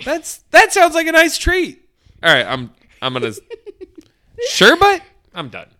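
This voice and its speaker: A man's voice: extremely high pitch, huge pitch swings, moderate pace, pushed and bright, no room sound, clean studio sound. A young man co-hosting a casual podcast, joking and arguing playfully, repeating words for laughs. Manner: jokey, argumentative, repeats words for comic effect. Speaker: podcast co-host. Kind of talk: casual chat. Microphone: studio mic.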